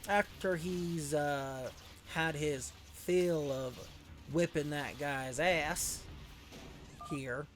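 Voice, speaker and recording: A man's voice: on the high side, very slow, soft background music. Man spinning a story with rhetorical questions. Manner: rhetorical questions, animated retelling. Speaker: channel host. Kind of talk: casual storytelling over gameplay.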